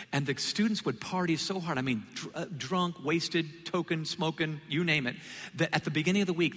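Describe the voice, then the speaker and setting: A male preacher telling a story from the pulpit, slipping into quoted voices as he goes. His voice is bright and a little husky, and it rings out with a long reverb in a large church hall. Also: on the high side. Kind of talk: sermon.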